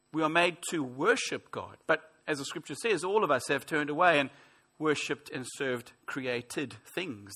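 A man's voice: fairly high pitch, sharp tone. A man in his forties preaching a sermon, earnest and emphatic, with rhetorical questions. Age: 40s. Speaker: pastor.

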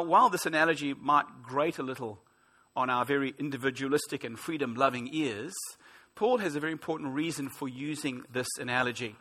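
A man's voice: medium pitch, pushed and bright. A man in his forties preaching a sermon, earnest and emphatic, with rhetorical questions. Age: 40s. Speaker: pastor.

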